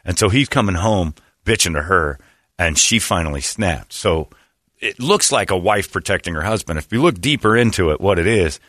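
A man from Indiana hosting a sports talk show, mocking and animated, slipping into put-on voices. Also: low-pitched, normal speed, no room sound, studio quality. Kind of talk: casual sports banter.

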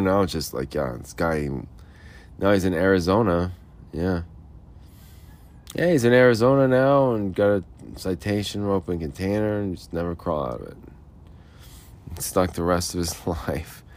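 A man's voice: deep voice, darkish tone. A man hosting a solo podcast, rambling and frustrated, mumbling and repeating himself. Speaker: podcast host. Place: Arizona.

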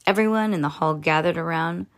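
A woman's voice: lowish voice, fairly quick. A woman reading a children's story aloud, with small slips and restarts and casual asides.

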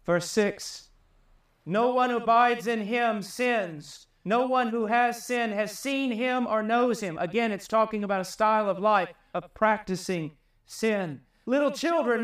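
A man preaching a sermon with passion, climbing high and loud to drive home his points. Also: measured pace, recorded from a distance. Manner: impassioned, rises high and loud for emphasis.

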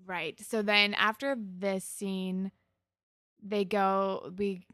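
A woman's voice: medium pitch, flat delivery, moderate pace, vocal fry, fairly bright tone, no room sound, clean studio sound. A young woman co-hosting a casual recap podcast, retelling scenes with laughs and the odd swear. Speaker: podcast co-host.

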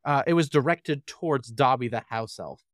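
A man's voice: medium pitch, moderate pace, dry recording. A man co-hosting a podcast in casual chat, a joking, rambling storyteller on a close mic. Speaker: podcast co-host.

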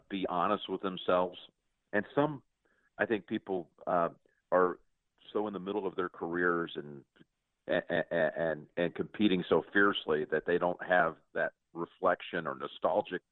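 A man with a very deep voice tells golf-broadcasting stories in an earnest, reflective way. He sounds dry and close, squeezed through a thin, phone-like band. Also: no echo. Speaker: guest sportscaster. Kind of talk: casual interview storytelling. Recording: tinny phone-like line, dry.

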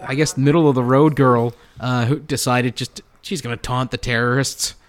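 A man's voice: mid-range voice, steady tone, normal speed. A man co-hosting a casual podcast about a movie, talking with many fillers and restarts. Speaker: podcast co-host. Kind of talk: casual movie commentary chat.

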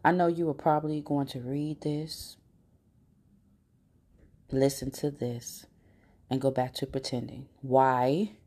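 A woman hosting a self-help podcast, talking bluntly with slang and reading affirmations slowly and deliberately. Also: very deep voice, steady tone, mellow. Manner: blunt, preachy, slangy, calls listener honey and baby. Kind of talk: motivational talk with affirmations.

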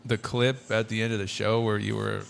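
Gravelly low-voiced man teasing on a podcast. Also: level tone, moderate pace. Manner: dry, teasing quips. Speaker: podcast co-host. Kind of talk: casual podcast banter.

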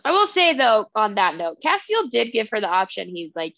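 A woman's voice: mid-range voice, moderate pace, gravelly, hardly any pauses, no echo, highs cut off. A woman co-hosting a casual book podcast, animatedly retelling scenes and acting out the characters' lines. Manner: animated retelling, acts out scenes in quoted voices. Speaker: podcast co-host.

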